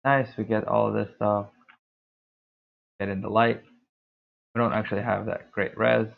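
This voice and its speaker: A man's voice: on the low side, level tone, unhurried, vocal fry. A man streaming a live game, giving rambling, chatty commentary full of filler words as he plays. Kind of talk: casual live gameplay commentary. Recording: tinny phone-like audio.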